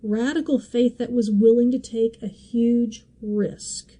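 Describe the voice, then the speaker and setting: Bright-voiced woman teaching Bible passages. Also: a little high, steady tone, takes it slowly, poor audio. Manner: conversational and emotional, with asides and little laughs. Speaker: bible teacher and podcast host.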